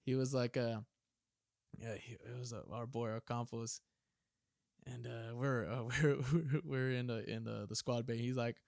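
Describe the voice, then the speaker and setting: Profane, laughing former Marine storyteller. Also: male voice, medium pitch, steady tone, a little slow, creaky, no echo, clean studio sound. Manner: profane, laughing, acts out drill instructors loudly. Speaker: podcast guest, former Marine. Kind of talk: casual storytelling chat.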